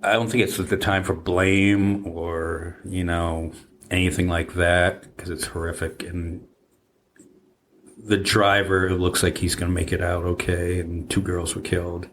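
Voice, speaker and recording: A man in his fifties hosting a casual podcast chat, talking haltingly with many fillers and restarts. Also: low voice, level tone, a bit bright, slight background noise. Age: 50s. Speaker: podcast host.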